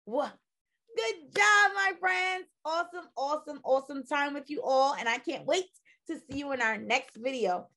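A woman teacher leading a phonics lesson for young children, drilling sounds in a slow, sing-song way while losing her voice. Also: high voice, sharp tone. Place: classroom video lesson.

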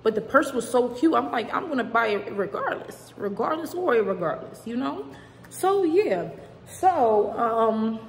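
A woman's voice: fairly high pitch, expressive, moderate pace, slight background noise. A young woman vlogging casually at home, chatty and rambling, full of slang. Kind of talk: casual chat to camera. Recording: echoey room with long reverb.

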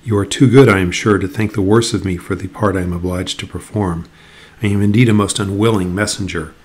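A man's voice: deep voice, steady tone, a little fast, lightly acted. A man reading aloud the lines of a distressed young noblewoman, a reluctant messenger, in faltering, formal speech.

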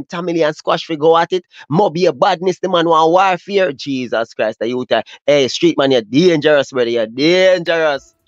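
A man with a Jamaican accent, host of a dancehall news channel, giving lively commentary on a clip in slang-heavy street talk with frequent exclamations. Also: sits high, no echo, muffled recording.

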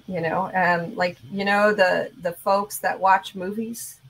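Relaxed woman hosting a chatty craft show. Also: mid-range voice, slow pace, poor audio. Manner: relaxed, chatty, reads viewer comments. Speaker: host. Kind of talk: casual chat.

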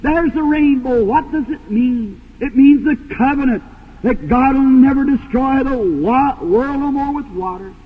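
A man preaching a sermon, telling a story with fervor and sometimes breaking into shouts. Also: extremely high pitch, unhurried, breathy edge. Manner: fervent, rises to shouts. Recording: tinny old tape in a hall.

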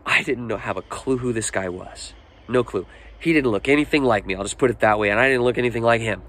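A pastor in his forties preaching a sermon, earnest and personal, swinging between lifted, emphatic phrases and hushed, emotional ones. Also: mid-range voice, fast. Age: 40s.

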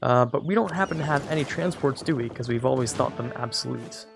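A man hosts a let's play with a gravelly, fry-tinged voice set at an ordinary pitch. He rambles through his strategy game, often stopping to correct himself or crack a joke. Soft music runs faintly under his talk. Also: fairly quick. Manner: rambling, self-correcting, jokey asides. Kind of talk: casual gameplay commentary.

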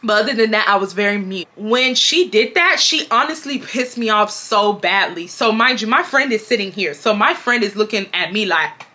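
Bright animated young woman telling a story. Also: medium pitch, moderate pace. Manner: animated, profane, exasperated retelling. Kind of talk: casual storytime chat.

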